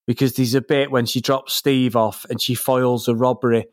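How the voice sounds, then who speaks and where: A man's voice: medium pitch, level tone, moderate pace, no echo, clean studio sound. A man co-hosting a TV review podcast, chatting casually, ranting and swearing freely.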